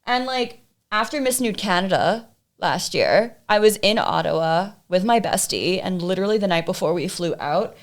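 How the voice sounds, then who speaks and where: A woman's voice: mid-range voice, lively intonation, moderate pace. A woman guest on a podcast, talking casually and emphatically, often swearing as she tells her story. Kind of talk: casual chat.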